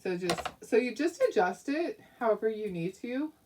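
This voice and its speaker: Chatty, giggly woman craft host, bright higher voice with lots of ups and downs, a bit distant from the mic. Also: expressive, normal speed, noisy background. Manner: chatty and giggly, talks to viewers. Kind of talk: casual craft demonstration.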